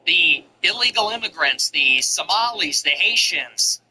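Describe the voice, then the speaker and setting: A man's voice: high-pitched, lively intonation, a little slow, sharp tone, slight background noise, poor audio. A man hosting his own show, delivering a commentary monologue in emphatic, repetitive declarations. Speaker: show host.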